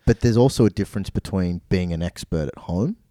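A young man talks bluntly and swears freely in a casual chat, often mimicking what other people say. His voice sits low and warm. The sound is dry and close. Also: animated, a little fast, no room sound. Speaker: DJ guest.

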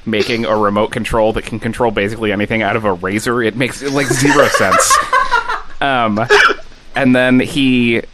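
A man's voice: mid-range voice, steady tone, normal speed, heavy background noise. A man co-hosting a podcast, rambling through a retelling with wry asides and frequent restarts. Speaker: podcast co-host. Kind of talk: casual podcast chat.

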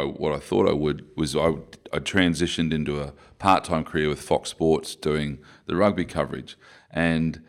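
A man's voice: a bass voice, steady tone, normal speed. A man in his forties with an Australian accent, telling stories as an interview guest in a rambling, self-correcting way. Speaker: interview guest, former rugby player. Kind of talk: conversational interview.

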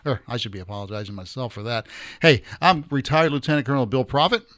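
A man's voice: mid-range voice, quick pace, fairly bright tone, no echo, clean studio sound. An older man hosting his own talk show, speaking in a blunt, folksy and opinionated way. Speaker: podcast host. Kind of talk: casual talk-show monologue.

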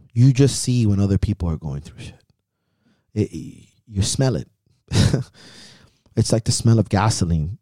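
A fairly low-voiced man hosts a podcast with an intense, profanity-heavy pep-talk manner. His tone is dark and mellow. The recording is close and dry, with no room sound. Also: no room sound. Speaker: podcast host. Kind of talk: motivational podcast chat.

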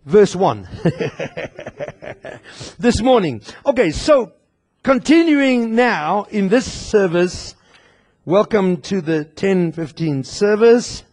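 A male pastor preaching an impassioned sermon to his congregation, at times raising his voice to a shout and talking straight to them. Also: high-pitched, expressive, slow pace, long pauses. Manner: talks directly to the congregation. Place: church.

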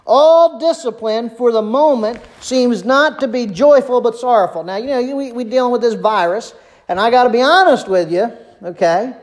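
Preaching in a conversational style, this female pastor asks rhetorical questions. When she wants to stress a point, her voice sinks low and soft.

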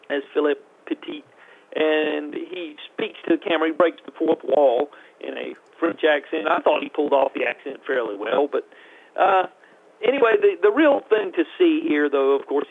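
A man reviewing a film in casual radio chat, halting and repeating words as he talks. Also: on the high side, creaky, narrow, tinny audio.

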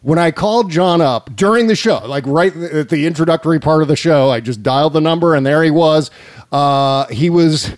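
Animated male podcast host, dry sound. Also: on the high side, moderate pace, no room sound. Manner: animated, incredulous storytelling with laughs. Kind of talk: casual chat.

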